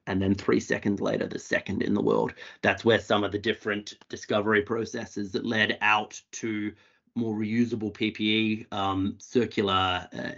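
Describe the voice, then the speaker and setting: A man with an Australian accent speaks plainly and quickly, with dry humour. His voice sits fairly low. The sound is dull and lo-fi, like video call audio. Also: gravelly, fairly bright tone. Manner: plain-spoken, quick and wry. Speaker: conference speaker. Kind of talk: talk to a video call audience.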